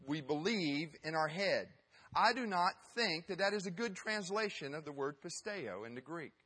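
A man's voice: fairly high pitch, animated, moderate pace, pushed and bright, breathy edge. A man giving a sermon as pastor, telling a story emphatically with some hesitant fillers.

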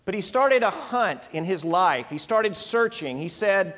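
A man preaching a sermon, earnest and emphatic, in short phrases with pauses. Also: high-pitched, very animated, a bit bright, big-room sound.

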